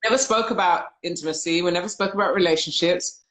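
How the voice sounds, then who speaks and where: A British woman hosts a live discussion over a video call, sharing reflective stories and reading viewer comments aloud. Her voice sits on the low side, a bit bright, and she speaks quickly in a room with a roomy echo.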